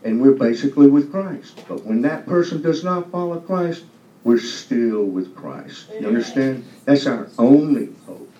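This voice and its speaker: A man's voice: medium pitch, animated, unhurried, warm tone. A man giving a loose, conversational testimony to a church congregation, often asking if they understand. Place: church hall. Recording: echoey hall from far off, dull sound.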